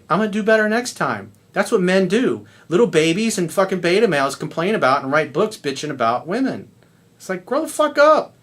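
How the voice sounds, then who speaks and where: A man's voice: on the high side, fairly bright tone. Blunt, profane male dating coach. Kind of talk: ranting monologue to camera.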